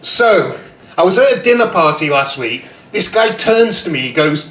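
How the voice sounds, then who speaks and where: Captured from far off with roomy pub acoustics, a man in his fifties performs self-deprecating stand-up in a pub comedy room and questions the crowd. He speaks at normal speed in a fairly bright, high-sitting voice that swings widely in pitch.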